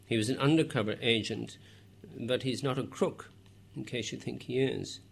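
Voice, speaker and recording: A man's voice: mid-range voice, fairly even intonation, normal speed, vocal fry, breathy edge. A man reading the lines of a stiff, guarded older Irish man who speaks sharply in an audiobook. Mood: curt.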